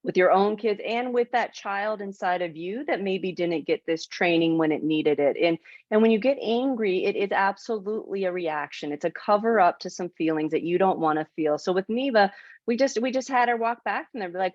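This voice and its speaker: A woman's voice: medium pitch, fairly quick, a little mellow, dry recording. Woman host on a dull, dry line. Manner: enthusiastic, affirming, explanatory. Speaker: podcast host. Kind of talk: conversational podcast interview.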